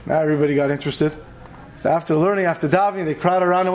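A man teaching a Torah class who tells animated stories and acts out the characters. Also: on the high side, racing, slight background noise, low-quality recording. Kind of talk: storytelling lecture.

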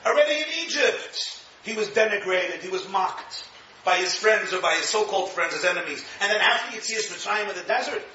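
Man, rabbi, high bright voice, lively Torah lecture, echoey room. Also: a little fast, slight background noise. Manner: animated, acts out quotes, chuckles at own jokes. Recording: echoey room, distant mic, dull sound.

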